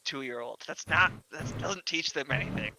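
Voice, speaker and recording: A man at a tabletop game with a very bright, sharp voice. He throws in quick jokes and wry asides. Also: a little high, low-quality recording. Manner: joking, quick quips. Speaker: player.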